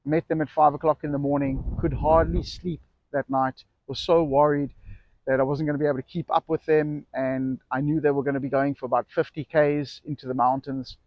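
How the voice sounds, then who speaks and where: A man's voice: fairly high pitch, level tone, fairly quick, highs cut off. A middle-aged man who runs an e-bike shop, telling a personal story casually to camera, rambling and correcting himself as he goes. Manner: rambling, self-correcting anecdote with acted quotes.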